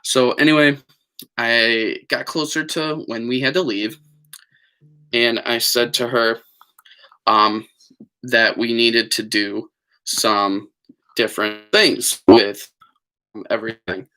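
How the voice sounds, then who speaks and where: Male vlogger, casual digressive storyteller, mid pitch, bright tense tone. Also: level tone, slow, pauses often. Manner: chatty, digressive, many fillers and apologies. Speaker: vlogger on a live stream.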